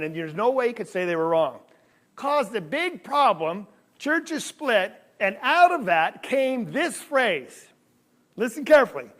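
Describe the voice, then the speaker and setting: Guy preaching in a church hall, high voice bouncing all over, keeps asking the class questions. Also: unhurried. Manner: animated, asks the audience questions. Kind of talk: Bible class lecture.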